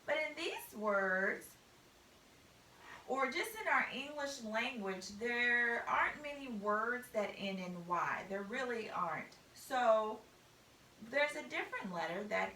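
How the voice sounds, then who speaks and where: A woman teacher giving a recorded phonics lesson for children, speaking slowly and deliberately, stretching and repeating sounds. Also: fairly high pitch, very animated, bright, forceful tone, far from the mic. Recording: echoey room, voice off-mic, faint hiss.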